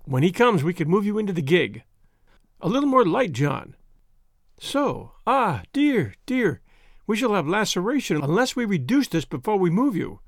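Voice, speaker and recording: A man reading the lines of a calm, capable woman doctor in a storybook, speaking in a soothing, measured way. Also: high voice, no room sound, studio quality, heavily acted.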